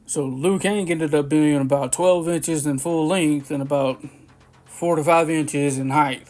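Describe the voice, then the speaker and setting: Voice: mid-range voice, steady tone, measured pace, darkish tone. A person in their forties telling a long personal story to camera in a loose, rambling way, with frequent swearing and restarts. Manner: rambling, profane, full of restarts and fillers. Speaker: vlogger. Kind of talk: casual storytelling.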